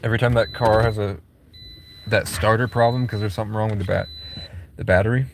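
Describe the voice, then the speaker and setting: A man's voice: on the low side, fairly even intonation, quick pace, gravelly, slight background noise. A man livestreaming at a car garage, rambling and swearing, wired on energy drinks after two days awake. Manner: rambling, jittery, swears freely. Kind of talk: casual rambling livestream chat. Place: at a car service garage, outdoors.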